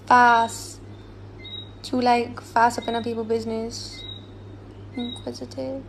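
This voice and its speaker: A woman's voice: fairly high pitch, level tone, slow, gravelly, a little hiss or hum. A woman explaining patois words one by one.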